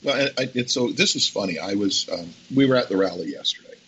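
Animated male talk show guest. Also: lowish voice, quick pace, breathy edge. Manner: animated storyteller, folksy sayings. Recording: dull audio with faint background noise.

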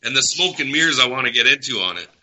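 A man speaks in a bright, sharp-edged voice, agitated and emphatic. He hammers his points home and repeats them, in the manner of a heated talk show rant. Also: medium pitch, lively intonation, fast talker, poor audio. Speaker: guest.

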